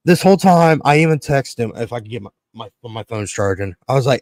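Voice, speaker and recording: A man's voice: medium pitch, big pitch swings, a little fast, hardly any pauses, dry recording. A man co-hosting a podcast in casual chat, rambling, swearing often and acting out what others said. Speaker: podcast co-host.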